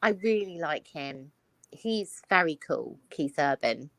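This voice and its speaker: A British woman co-hosting a casual chat, excitable and gushing, with lots of exclamations. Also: low-pitched, slow, no echo. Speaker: podcast co-host.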